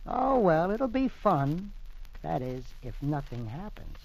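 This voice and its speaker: A man's voice: a little high, very animated, slow pace, vocal fry, a little mellow, slight background noise, full character voice, poor audio. A man doing a mild little cartoon dog. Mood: musing.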